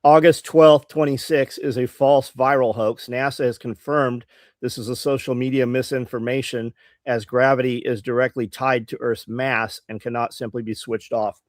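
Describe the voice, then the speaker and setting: A man's voice: mid-range voice, steady tone, moderate pace, no room sound, clean studio sound. A man co-hosting a casual live talk show, speaking with hesitant starts. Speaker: co-host.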